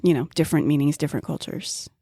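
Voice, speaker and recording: A woman's voice: deep voice, steady tone, fast talker, vocal fry, warm tone, breathy edge, dry recording, studio quality. A woman co-hosting a casual podcast chat, teasing her co-host and reading from her notes on flower meanings. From grew up near Mount Graham, Arizona.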